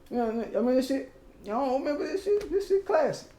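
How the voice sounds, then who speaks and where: Guy ranting on his channel, high voice, cussing a lot, echoey room. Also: sing-song, quick pace, dark tone. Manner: loose, profane, rapping along to old lyrics. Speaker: channel host. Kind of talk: casual commentary monologue.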